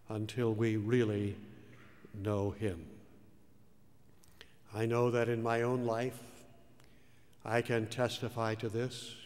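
A man preaching a sermon in a slow, dramatic style, rising to loud peaks and dropping to hushed words. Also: medium pitch. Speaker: pastor. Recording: hall reverb.

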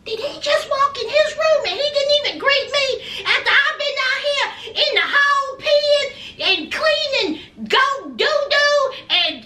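A woman voicing an exasperated young woman who is fed up with farm life and complains loudly. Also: very high voice, heavily acted. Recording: echoey room, distant mic.

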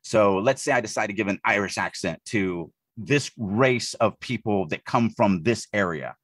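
A man from the Deep South speaks in a husky voice. He co-hosts a casual podcast, thinking aloud with frequent restarts. The recording is dry, with no room sound. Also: normal speed, fairly bright tone, dry recording. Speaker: podcast co-host, writing editor.

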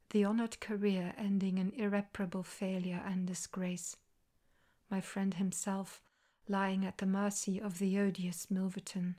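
A woman narrating a classic story in a soft, whispery, soothing voice for ASMR. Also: mid-range voice. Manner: soothing and slow-paced.

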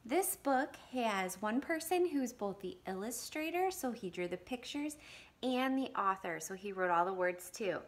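A woman reads a picture book aloud to young children as a visiting parent. She takes her time, and her slightly high voice rises and falls a great deal as she brings the story to life. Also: a little slow. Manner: animated, expressive read-aloud. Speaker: parent community reader.

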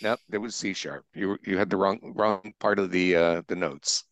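A man's voice: low voice, fairly even intonation, normal speed, fairly bright tone, no echo. An older man running through the answers of his trivia round in a casual, wry and punning way. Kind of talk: casual quiz answer run-through with puns.

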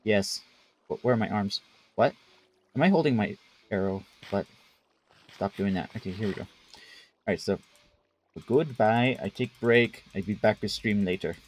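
Man, game streamer, live commentary, playful banter, low-pitched. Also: normal speed, pauses often, breathy edge.

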